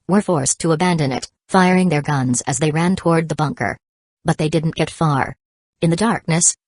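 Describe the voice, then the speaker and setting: A woman reads an action novel aloud in a low, steady voice. The sound is dry and close, with no room around it. Her delivery stays even and measured. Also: dry recording. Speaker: audiobook narrator. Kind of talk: scripted audiobook narration.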